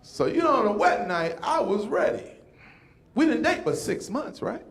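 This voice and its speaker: Man, stand-up comic, pastor, high voice, very expressive pitch, echoey room. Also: normal speed. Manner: animated, teasing the audience with repeated "right?". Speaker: comedian and pastor. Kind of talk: stand-up comedy.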